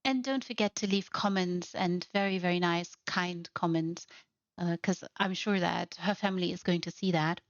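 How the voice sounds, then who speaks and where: A woman's voice: fairly low pitch, steady tone, moderate pace, dry recording, dull audio. A woman hosting a narrated house tour, gushing with effusive praise. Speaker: host.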